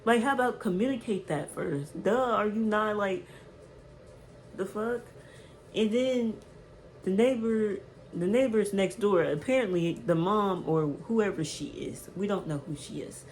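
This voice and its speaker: Woman vlogger, casual storytime, emphatic and slangy, mid pitch, faint background hiss. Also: measured pace, poor audio. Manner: animated, emphatic retelling with slang and repeated words.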